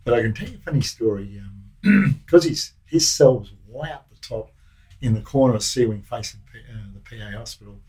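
An older Australian man reminiscing in a loose, rambling way, full of slang and false starts. His voice sits at an ordinary middle pitch, and he talks like a former officer recalling old days. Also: expressive, brisk, darkish tone, rough recording. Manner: rambling, anecdotal, with slang and restarts. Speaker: former prison officer, guest. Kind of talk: casual interview storytelling.

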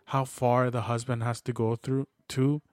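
A man's voice: mid-range voice, level tone, a little slow, a little mellow, no room sound, studio quality. A man in casual podcast chat, retelling a film plot with restarts and acted-out dialogue. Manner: rambling storyteller, many restarts and acted-out dialogue. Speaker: podcast co-host.

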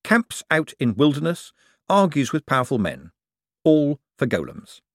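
A charming young conman talks glibly and persuasively with a wry edge, as a male narrator puts him on. His pitch moves animatedly, and the recording is dry and close. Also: wildly swooping pitch, a little slow, no room sound, exaggerated voice.

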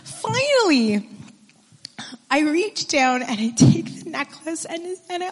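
A woman's voice: high voice, very animated, takes it slowly, long reverb tail. A woman preacher telling a personal story during a sermon, emotional and tearful.

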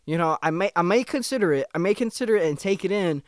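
Young man, twenties, podcast host, slangy, swears a lot, rambling jokes, smooth voice, dry sound. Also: high-pitched, animated, fast, no room sound. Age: 20s. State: tired from little sleep. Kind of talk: casual podcast monologue.

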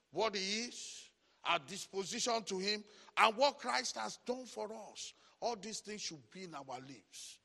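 A man's voice: high voice, gravelly, long reverb tail. A man preaching a sermon, calling out titles and leading the congregation in repeated declarations. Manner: chanting call-and-response, shouted declarations. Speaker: pastor.

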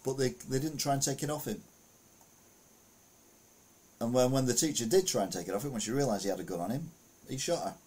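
Guy going through the news, ums and uhs, keeps correcting himself, middle-pitched voice. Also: a little fast, long pauses, warm tone, breathy edge. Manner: reads headlines aloud then adds rambling, self-correcting asides with many fillers. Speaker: news commentary host. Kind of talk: casual commentary on news headlines.

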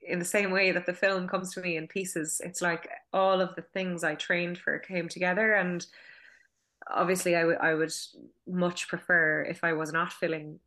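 A woman's voice: fairly low pitch, flat delivery, normal speed, bright, forceful tone. A woman from Cork in her thirties with a Cork Irish accent, a filmmaker chatting at home in a casual interview, talkative, with frequent restarts and fillers. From Cork, Ireland. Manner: chatty, many restarts and fillers, laughs often. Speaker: filmmaker and acting school director.

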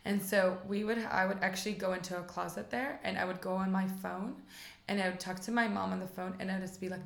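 A woman in her forties from the United States with an American accent, a guest in a relaxed interview, chatting upbeat with many fillers. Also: medium pitch, brisk, creaky, roomy sound. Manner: chatty, upbeat, lots of fillers like "like" and "you know". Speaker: interview guest, rabbi's wife. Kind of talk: casual conversational interview.

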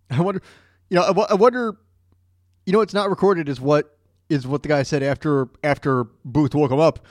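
A man's voice: a little high, a little fast, no room sound, studio quality. A man hosting a podcast, joking along over a narrated story, stammering and restarting as he riffs. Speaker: podcast host. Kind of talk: casual commentary.

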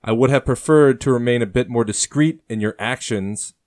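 A man's voice: lowish voice, moderate pace, voice pushed up, natural voice. A man voicing an older male colonial rebel leader who speaks sternly and lectures with passion. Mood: stern passionate.

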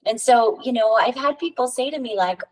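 A woman's voice: on the high side, brisk, recorded from a distance, poor audio. A woman guest on a podcast, talking earnestly about spirituality, telling stories and often adding "right?" and "you know". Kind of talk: casual spiritual conversation.

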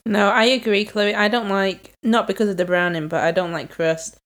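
A woman's voice: mid-range voice, steady tone, moderate pace, fairly bright tone. Give me a blunt woman airing strong opinions in a casual chat.

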